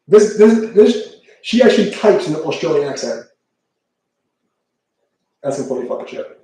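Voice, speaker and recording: A man's voice: fairly high pitch, expressive, normal speed, a little mellow. A man chatting casually and profanely on a live stream as a tarot reader, rambling and laughing often. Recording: very echoey room, mic far off.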